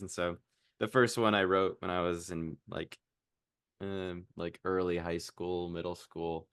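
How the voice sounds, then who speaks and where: A young man in his twenties chats loosely as a podcast guest. His voice sits very low and the room sounds dry and close. He rambles with plenty of fillers and laughs at his own mistakes. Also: flat delivery, unhurried, fairly bright tone, clean tone, no room sound. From Iowa. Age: 20s. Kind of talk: casual interview chat.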